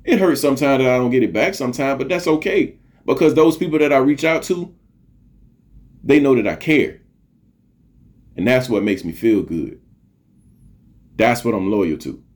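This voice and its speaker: A man's voice: on the low side, a little mellow. Earnest man preaching self-worth. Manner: earnest, preachy, repeats phrases for emphasis; swears casually. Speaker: podcast host. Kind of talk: motivational monologue.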